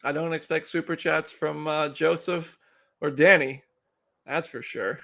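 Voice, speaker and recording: A man hosts a casual live stream with a gravelly, slightly high voice. He talks in a rambling, chatty way and pokes fun at himself as he comments. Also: fairly even intonation, unhurried, pushed and bright. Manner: rambling, chatty, self-deprecating. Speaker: livestream host.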